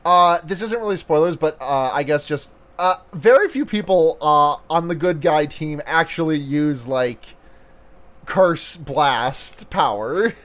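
A man co-hosting a podcast in casual chat, relaxed, laughing often and swearing casually. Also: fairly high pitch, unhurried. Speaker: podcast co-host.

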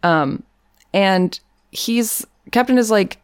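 Woman with a really low voice, casual jokey podcast chat, super dry sound. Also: lively intonation, normal speed, dry recording. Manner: chatty, jokey, laughs often, many fillers. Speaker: podcast co-host. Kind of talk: casual chat recapping a TV episode.

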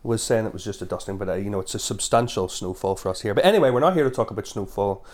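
A man's voice: on the low side, very fast. A man with a Northern Irish accent co-hosting a podcast, chatty and hesitant with many fillers. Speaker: podcast co-host. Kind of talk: casual podcast chat.

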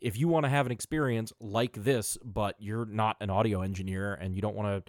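Chatty man with a low, dry voice. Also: fairly even intonation, fairly quick, darkish tone, no echo. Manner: chatty, run-on sentences. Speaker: cast member. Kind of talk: casual podcast chat.

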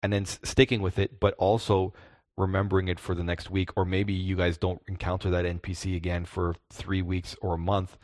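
A man's voice: low-pitched, level tone, a little fast, hardly any pauses, darkish tone, dry recording, studio quality. A man co-hosting a casual chat about tabletop gaming, stammering through restarts as he talks. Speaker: podcast co-host, game master.

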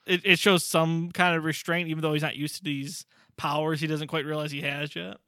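A young man with a fairly high, bright, forceful voice, co-hosting a casual podcast. He recaps a comic story with energy, jumping into quick voices for the characters. The sound is close and dry, with no room around it. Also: dry recording. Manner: animated, acts out characters in quick bursts. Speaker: podcast co-host.

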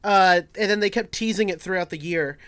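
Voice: medium pitch, a little fast, fairly bright tone, clean tone, dry recording. A podcast host talking in a laid-back, teasing way during casual comedic chat.

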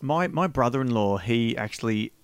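A man hosts a relaxed podcast chat in a gravelly mid-range voice. He chimes in often with easygoing agreement and tells his own anecdotes. The recording is close and dry. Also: medium pitch, normal speed, no echo. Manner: friendly, chatty, lots of agreeing fillers. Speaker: podcast host. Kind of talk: casual interview chat.

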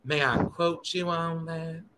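A man's voice: on the high side, fairly even intonation, slow, background noise. A man doing a teasing Lois Lane. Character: sharp, quick-witted female reporter.

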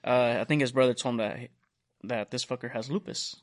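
A man's voice: medium pitch, fairly quick. Young male podcast host, casual and profane, rambles through a story while acting out what everyone said. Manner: rambling, profane, retells dialogue in quotes. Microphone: studio mic.

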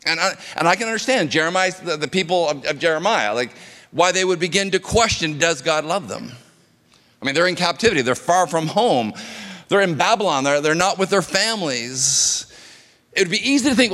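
A man's voice: a little high, animated, brisk, bright, forceful tone. A man preaching a sermon as pastor, earnest and conversational, often repeating words as he goes. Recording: long reverb of a hall.

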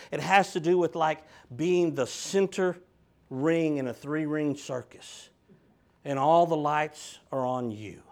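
A middle-aged man, preaching a sermon with animated swings from quiet talk to loud fervor. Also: fairly high pitch.

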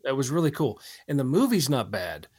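Man, podcast co-host, laid-back casual chat, average pitch, storytelling. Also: very animated, fairly quick, a little mellow, husky.

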